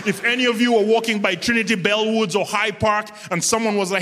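A man's voice: high-pitched, fairly even intonation, brisk, few pauses, sharp tone, a little hiss or hum. A man doing a stand-up comedy set on a stage before a live audience, acting out quoted voices and asking "do you understand?" again and again. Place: large music hall before a live audience. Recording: live hall with long reverb.

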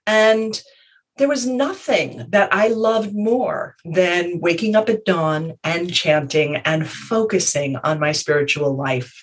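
Woman, interview guest, reflective storytelling, measured and thoughtful. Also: fairly low pitch, husky.

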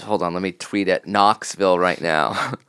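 A man's voice: deep voice, fairly even intonation, moderate pace, background noise. A man co-hosting a podcast, chatting casually and playfully, laughing often and teasing his co-host. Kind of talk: casual comedic chat.

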